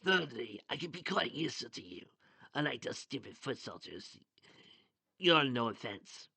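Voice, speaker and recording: A man voicing a smug, scheming male villain with claws who talks smoothly. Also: mid-range voice, sing-song, normal speed, sharp tone, no room sound, exaggerated voice.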